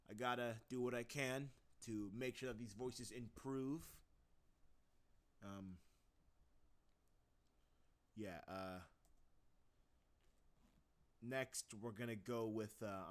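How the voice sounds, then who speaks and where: A man's voice: mid-range voice, fairly bright tone. A man casually talking through his voice acting practice, rambling and self-deprecating as he laughs at himself. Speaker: voice acting hobbyist.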